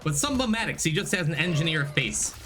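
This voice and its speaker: A male streamer chats casually and rambles through his stories. His pitch swings widely as he greets his viewers by name. Faint music plays in the background. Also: expressive, brisk. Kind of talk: casual chat on a game stream.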